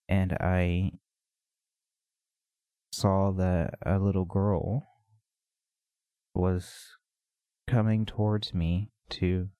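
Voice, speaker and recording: A man with a low, mellow voice speaks slowly into a close podcast mic, pausing often as he thinks aloud. His talk is reflective and halting, like a personal confession. The recording is dry, with no room sound. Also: no echo. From United States. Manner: reflective, halting, with many pauses. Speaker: podcast host.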